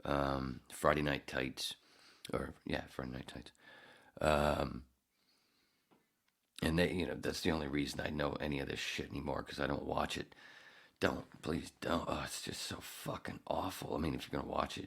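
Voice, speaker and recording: Male podcast host, husky low voice, profane rambling monologue. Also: moderate pace, fairly bright tone. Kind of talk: casual monologue.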